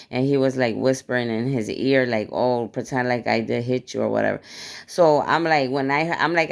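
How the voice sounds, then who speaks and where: A woman casually recounting a dream to viewers with blunt, profane, animated storytelling; her mouth is dry. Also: rumbling low, creaky. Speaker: spiritual vlogger.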